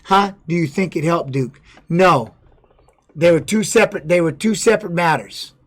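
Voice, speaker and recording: Middle-aged man, fairly high voice, blunt and profane, casual livestream storyteller. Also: normal speed. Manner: blunt, profane, with many restarts and "you know what I mean". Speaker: former fighter streaming to viewers.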